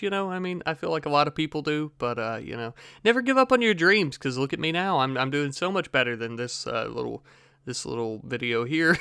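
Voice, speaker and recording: A man with a bright, crisp voice talks through a casual reaction to his own old gameplay video. He rambles, laughs at himself and teases his past self. The sound is dry and close, with no room around it. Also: fairly high pitch, dry recording.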